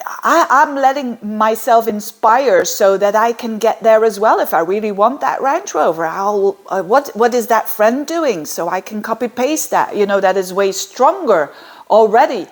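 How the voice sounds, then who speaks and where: A woman's voice: fairly high pitch, expressive, moderate pace. A woman, an astrologer explaining a chart in a chatty, digressive way with many fillers and restarts. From Belgium.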